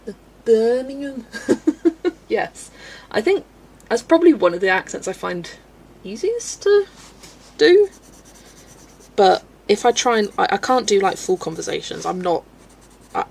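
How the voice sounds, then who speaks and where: A woman's voice: mid-range voice, very animated, measured pace, creaky, long pauses, breathy edge, poor audio. A woman from the UK streaming live at home, chatty and giggly, reading viewer comments aloud as she chats. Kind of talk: casual live-stream chat.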